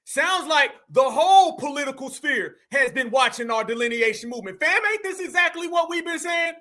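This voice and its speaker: American host hyping over clips, super bright tense voice, shouts a lot, heavy slang. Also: male voice, extremely high pitch, moderate pace. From United States. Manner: animated, loud, slangy, mocking, often shouting. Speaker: commentary channel host. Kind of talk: reaction commentary.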